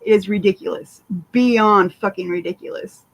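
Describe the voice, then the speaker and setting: A woman with a mid-range, creaky voice speaks at a moderate pace on poor audio. Hosting a casual livestream, she answers viewer chat while rambling, using lots of fillers and swearing freely.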